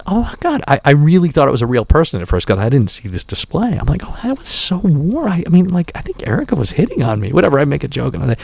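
A man with a low, gravelly voice tells a rambling personal story on his podcast. He swears freely and jumps into the voices of the people he quotes. The sound is close and dry, with no room around it. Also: no room sound. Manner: profane, animated, acts out quotes. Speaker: podcast host. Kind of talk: casual storytelling.

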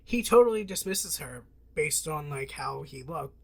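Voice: mid-range voice, expressive, normal speed, creaky, a crowd in the background. A podcast host chatting casually about a film, laughing often and trailing off mid-thought.

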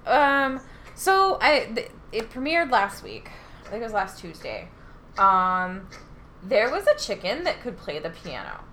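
A woman's voice: medium pitch, very animated, a little slow, pushed and bright, slight background noise. A young woman co-hosting a podcast, chatting casually with lots of fillers, swearing and giggling. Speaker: podcast co-host. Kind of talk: casual chat.

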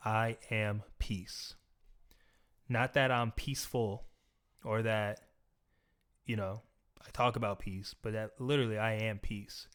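A young man telling a personal story in a reflective, earnest, soft-spoken way. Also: fairly low pitch, fairly even intonation, unhurried, long pauses, clean tone.

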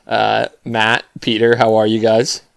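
A man's voice: fairly low pitch, completely flat delivery, a little slow, creaky, dry recording. A man hosting a casual sports podcast, opening with wry announcer-style intros and chatting with his co-hosts. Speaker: podcast host.

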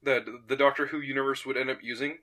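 A man in casual chat, rambling and animated, retelling a story with frequent laughs. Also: medium pitch, fast talker.

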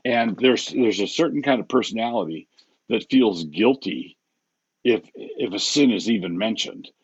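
Husky low-voiced pastor, halting speech. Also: male voice, animated, dry recording, muffled recording. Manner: halting, many restarts, chuckles at his own examples. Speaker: pastor and guest author. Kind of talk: casual podcast conversation.

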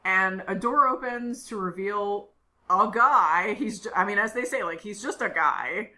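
Medium in pitch, measured in pace, and bright and forceful in tone, this woman co-hosts a podcast. She tells the episode's recap casually, leaning heavily on fillers.

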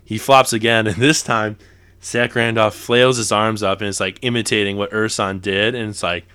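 Young man, low pitch, smooth clear voice, rambling casual sports chat, laughs a lot. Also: level tone, normal speed, pushed and bright. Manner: rambling, laughs often, self-correcting. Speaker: podcast co-host.

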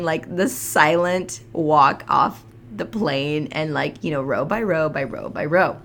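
A woman co-hosting a casual chat show, telling a story with lots of laughter. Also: lowish voice. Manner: animated storytelling, laughs often. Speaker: podcast co-host.

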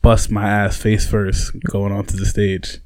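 A man's voice: fairly low pitch, a little slow, clear, resonant tone, dry recording, studio quality. A man, a fellow stand-up comic, chatting casually and telling his own story. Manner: relaxed, chiming in with short replies. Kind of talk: casual chat.

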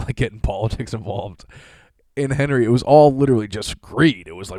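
A young comedian from the Boston area, USA, hosts his show with a loose comedic rant full of swearing and laughter. His voice is on the low side, fairly quick and darkish, with studio-quality sound and no echo.

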